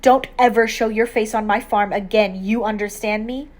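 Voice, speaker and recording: A woman's voice: mid-range voice, steady tone, normal speed, close to an everyday voice. Woman voicing a furious stern farmer. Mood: angry. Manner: harsh, clipped, threatening. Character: angry stern male farmer, middle-aged. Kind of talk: audiobook character reading.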